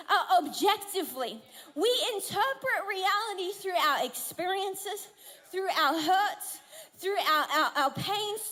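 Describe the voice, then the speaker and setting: A very high-pitched woman gives a lively, story-driven sermon, laughing as she goes. Her voice echoes through a church hall with long reverb. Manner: animated storytelling, laughs often. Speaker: pastor.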